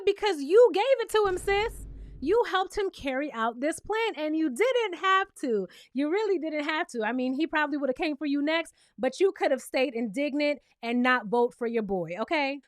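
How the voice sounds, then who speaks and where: A woman's voice: sits high, fairly bright tone, dry recording, studio quality. A woman giving casual, sassy commentary as she recaps a reality TV show, talking straight to her viewers with lots of emphasis. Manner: acts out quotes in exaggerated voices. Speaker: TV recap reviewer.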